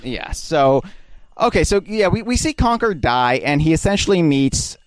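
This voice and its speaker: Podcast co-host, man, smooth resonant voice, dry close sound, musing delivery. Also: on the high side, sing-song, no echo. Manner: musing, hedging, pauses with uh. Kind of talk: casual chat.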